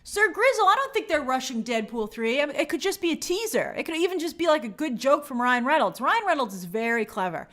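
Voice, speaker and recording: A high-pitched woman hosts a casual livestream. She chats upbeat and friendly, reading out viewer comments one after another. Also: big pitch swings, fairly quick, few pauses, fairly bright tone. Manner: upbeat, chatty, reads viewer comments aloud. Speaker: host reading live chat.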